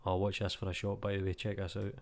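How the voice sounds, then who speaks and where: A man's voice: low voice, completely flat delivery, fast, vocal fry. A Scottish man in his thirties with a Glasgow accent, chatting casually and bluntly, swearing freely and poking fun at himself while he plays a game. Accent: Glaswegian Scottish. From Scotland. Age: 30s. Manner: sweary, blunt and self-deprecating; playing a game while talking. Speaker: YouTube 3D tutorial creator. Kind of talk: casual rambling vlog chat.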